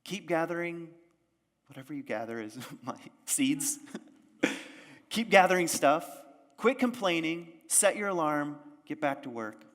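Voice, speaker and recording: Bossy village critters yelling orders at a mouse, preacher putting them on, raised voice, long echo. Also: male voice, a little high, animated, a little slow, voice pushed up. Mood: scolding. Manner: barking orders.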